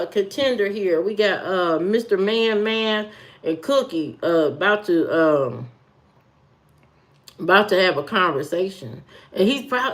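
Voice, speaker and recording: Lady on a live stream, teasing and chatty, lots of ums and repeats. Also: mid-range voice. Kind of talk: casual live stream chat.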